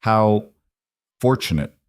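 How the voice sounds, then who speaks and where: A man's voice: lowish voice, animated, takes it slowly, smooth, no echo, studio quality. A man voicing a sly older female wolf alpha who mocks and probes a newcomer. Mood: probing. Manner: sly, mocking.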